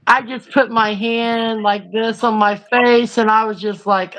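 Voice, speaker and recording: A woman's voice: a little high, flat delivery, takes it slowly, few pauses, muffled recording. A woman, hosting a livestream and chatting through a funny story with lots of fillers. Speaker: livestream host. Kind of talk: casual storytelling chat.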